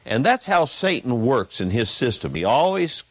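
A man preaching an emphatic sermon in a church, reading a text aloud and swinging between loud peaks and low asides. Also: very animated, moderate pace, no echo, poor audio.

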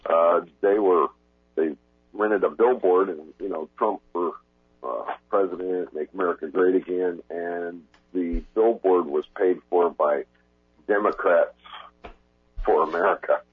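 A man's voice: low-pitched, steady tone, unhurried, husky, dry recording, narrow, tinny audio. A man in a casual talk, rambling and hesitant with many fillers. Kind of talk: casual chat.

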